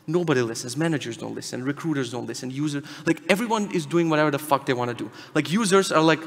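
A man's voice: a little high, lively intonation, gravelly, fairly bright tone. A man from Macedonia giving a casual, joking, profane conference talk from a stage. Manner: irreverent, fast, profane, jokey. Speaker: conference speaker. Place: large conference hall. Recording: reverberant conference hall.

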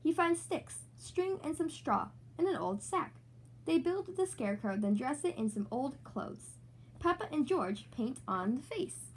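Young woman, kids' storybook reader, high sing-song voice. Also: sing-song, unhurried, slight background noise. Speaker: children's book reader. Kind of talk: read-aloud storytelling for kids.

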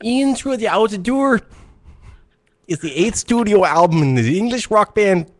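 A man putting on a mock accent to read a text aloud, halting and giggly. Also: sits high, expressive, pitched above the performer's own voice. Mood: mock-formal. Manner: halting and giggly, breaking into laughter.

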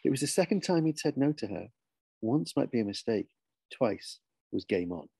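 A man, an author, reading his children's story aloud with lively, expressive storytelling. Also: medium pitch, normal speed, creaky, breathy edge, no echo.

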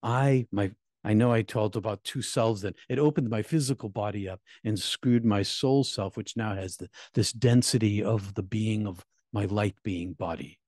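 Halting man telling a near-death story. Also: darkish tone, dry recording, clean studio sound. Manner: halting, repeats words, voice rising high when reliving pain. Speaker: guest, minister recounting a near-death experience. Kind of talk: emotional personal storytelling.

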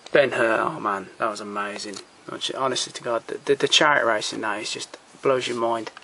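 A man's voice: mid-range voice, steady tone, a little fast, vocal fry, bright, forceful tone, a little hiss or hum. A man walking through his film collection at home in a casual, rambling way, blunt and opinionated, swearing freely and trailing off between titles, recorded on a handheld camera.

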